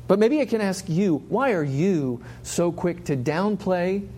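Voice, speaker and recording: A man's voice: high-pitched, expressive, measured pace, mellow. A man preaching a sermon, passionate and full of repeated rhetorical questions.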